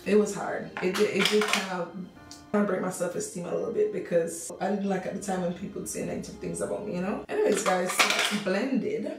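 A young woman with a Jamaican accent, chatting through a makeup tutorial and telling stories in a lively way. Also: mid-range voice, fairly quick, very echoey, recorded from a distance, loud music behind the voice, low-quality recording. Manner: chatty, animated storytelling. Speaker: makeup artist.

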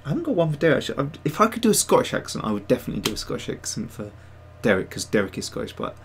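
A man hosting a casual livestream and chatting with viewers. He rambles, restarts his sentences and leans on fillers. His voice sits at a middling pitch. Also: sing-song, rapid-fire, slight background noise. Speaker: livestream host and digital sculptor.

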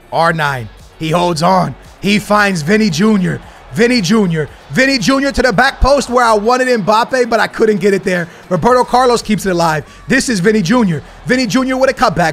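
A young man giving casual, hyped gameplay commentary as a gaming creator, shouting when goals go in. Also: high voice, a little hiss or hum. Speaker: gaming YouTuber.

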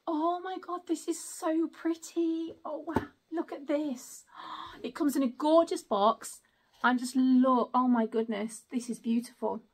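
A woman, chatting through an unboxing and exclaiming often. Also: sits high. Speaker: vlogger. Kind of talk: casual unboxing chat.

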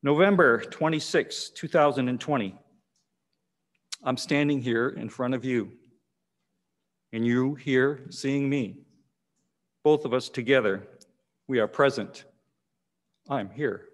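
A man, preaching a sermon in a measured way, repeating key phrases with pauses, in a church hall. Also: medium pitch. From Canada. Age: 60s. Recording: long echoing church reverb.

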